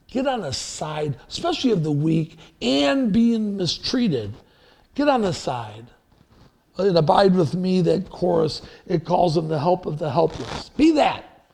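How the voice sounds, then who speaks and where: A man's voice: high voice, big pitch swings, unhurried, creaky, darkish tone. A man preaching a sermon as pastor, telling stories in a rambling, anecdotal way with restarts. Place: church sanctuary.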